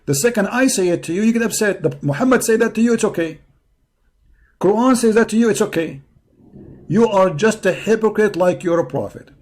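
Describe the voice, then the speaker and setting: Male host, strained hoarse voice, somewhat high and mellow, confrontational taunting delivery on a live stream. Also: expressive, fairly quick. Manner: taunting, confrontational, repetitive insults. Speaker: online debate show host. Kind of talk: heated polemical monologue. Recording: live stream over a poor connection.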